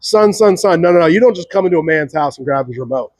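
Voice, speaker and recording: A man's voice: on the high side, animated, quick pace, a little mellow, dry recording, lightly acted. A man putting on a stern cowboy scolding. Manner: firm, scolding, repeating "son".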